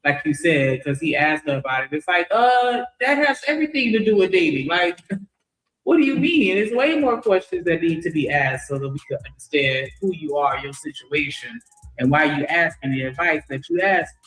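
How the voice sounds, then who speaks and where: Slightly high guy reacting, mocking, roomy echo and faint music. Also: expressive, fairly quick, a bit bright. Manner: mocking, incredulous. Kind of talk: reaction commentary.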